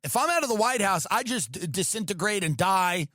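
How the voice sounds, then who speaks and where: A man's voice: high-pitched, expressive, a little fast, pushed and bright, dry recording, clean studio sound. A man voicing a desperate elderly politician who pleads that he cannot step aside.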